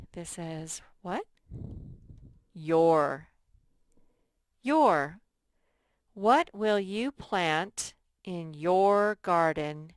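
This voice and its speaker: A woman teaching a sight-word lesson to young children, repeating each word slowly and stressing it in model sentences. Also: on the low side, clear, resonant tone, no echo. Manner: drawn-out, emphatic word modeling and repetition. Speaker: first grade teacher.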